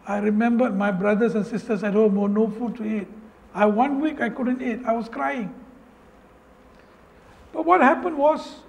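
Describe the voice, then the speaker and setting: A man from Penang, Malaysia, with a Malaysian English accent and a fairly high voice, shares his life story with an audience in a personal speech. He's earnest and full of feeling, often breaking off mid-phrase and circling back to repeat himself.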